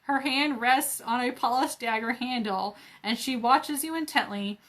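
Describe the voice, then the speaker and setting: A woman's voice: on the high side, a little slow, fairly bright tone. A woman reading a children's adventure book aloud at a library, breaking off for playful, joking asides. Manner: playful asides, laughs at herself. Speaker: library storyteller.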